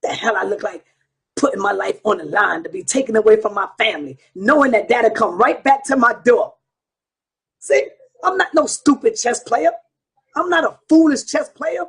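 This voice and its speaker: Very husky man ranting to his viewers. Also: very high voice, animated, moderate pace, fairly bright tone. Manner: profane, combative, preaching to viewers. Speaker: online show host. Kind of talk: heated ranting monologue.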